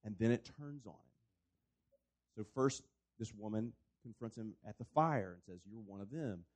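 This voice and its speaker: A man's voice: on the low side, normal speed. A man who is a pastor, talking through a Bible passage in a reflective, storytelling way during a conversation. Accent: non-local accent.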